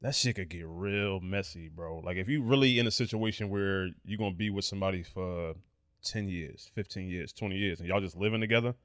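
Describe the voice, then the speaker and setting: Man, lowish voice, slangy and blunt, casual podcast chat, dry sound. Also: a little fast, fairly bright tone, dry recording. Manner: slangy, blunt, swears freely. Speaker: podcast co-host.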